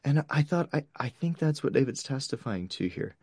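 A man's voice: mid-range voice, expressive, moderate pace, a little mellow, husky, no room sound. Conversational preacher man, dry sound. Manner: conversational, often checks in with "right?"; stammers and repeats words. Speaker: pastor. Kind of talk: sermon.

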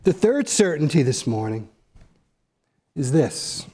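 A man's voice: a little high, sing-song, slow, mellow, husky. A male pastor preaching a sermon in an earnest, emphatic way, repeating key phrases.

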